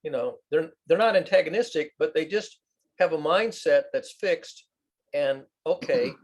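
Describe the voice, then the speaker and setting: A man's voice: a little high, animated, a little slow, a little mellow. A man speaking thoughtfully in a casual group video call. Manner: agreeable, thoughtful. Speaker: discussion group member.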